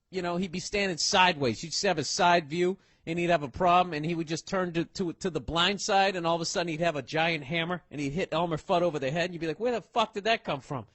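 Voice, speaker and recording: A man performs stand-up on stage, telling a profane story loud and fast with plenty of swearing. His voice sits high and husky, and it is picked up by a stage microphone with a dry, close sound. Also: no room sound. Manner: loud, swearing, acts out characters. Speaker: stand-up comedian.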